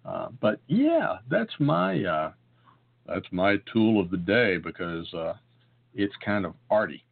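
A man's voice: fairly low pitch, sing-song, slow pace, creaky, husky. A man co-hosting a podcast, chatting casually and joking, with lots of fillers. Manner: jokey, rambling, many fillers. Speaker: podcast co-host. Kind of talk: casual chat. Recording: phone-like narrow sound.

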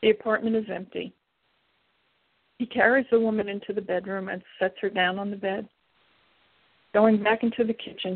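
Husky, gravelly woman reading a novel. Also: mid-range voice, no echo. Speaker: audiobook reader. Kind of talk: reading a paranormal romance novel. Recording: tinny phone-like, dry.

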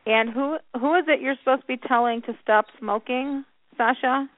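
A woman's voice: high voice, fairly even intonation, normal speed, no echo. A woman hosting a call-in psychic radio show, calling her callers honey. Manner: warm, calls callers honey. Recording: tinny phone line, dry.

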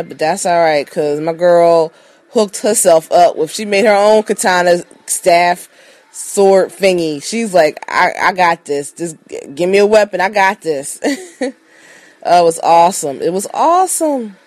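A woman giving a casual, gushing recap of a TV episode, excitable and sleepy, repeating herself as she talks. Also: medium pitch, no echo. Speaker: podcast contributor.

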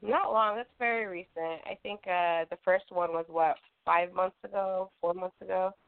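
A woman guest in a casual podcast chat, giggly and relaxed, swearing now and then. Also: lowish voice, normal speed, clean tone, no room sound. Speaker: guest, YouTube horror host. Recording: tinny phone-like line.

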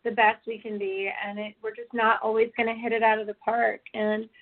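A woman hosts a casual conversation, speaking earnestly in a fairly high voice. She laughs between her thoughts. The audio is narrow and phone-like. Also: flat delivery, brisk. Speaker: host. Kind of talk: casual podcast chat. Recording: tinny phone-like line.

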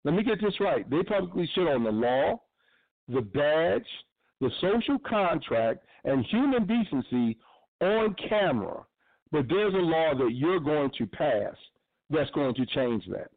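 A man's voice: fairly high pitch, sing-song, measured pace, no room sound. A man hosting a radio show, giving blunt, profane, impassioned commentary. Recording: tinny phone-line sound.

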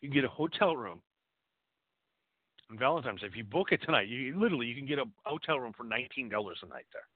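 Over dry, thin, tinny audio, a call-in host with a husky, medium-pitched voice talks quickly. He swears freely and rambles on in an animated, crude, casual way.

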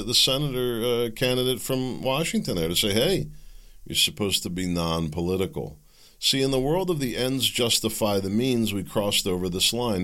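A man hosting a podcast, giving a political commentary monologue in an animated way, worked up and sarcastic, jittery from coffee. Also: low voice. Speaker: podcast host.

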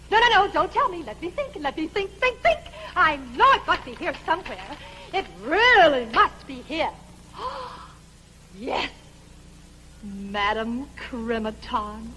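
A gushing, grandiose movie-star diva. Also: female voice, high voice, pushed and bright, a little hiss or hum, full character voice, poor audio. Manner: grandiose, breathless, melodramatic gushing. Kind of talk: 1940s film musical acting.

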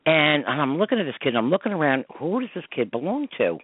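A man's voice: fairly high pitch, sing-song, fast talker, slightly rough, no room sound. A man hosting a call-in radio show, telling long rambling stories full of fillers, over a tinny phone line. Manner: rambling storytelling, many fillers. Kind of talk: casual call-in radio chat.

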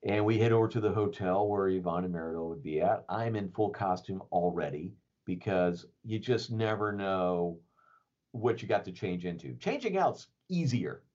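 A man's voice: deep voice, expressive, normal speed, darkish tone. A man telling a story in a casual, rambling way, with lots of fillers and chuckles. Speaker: podcast guest telling a story. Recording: dull lo-fi recording.

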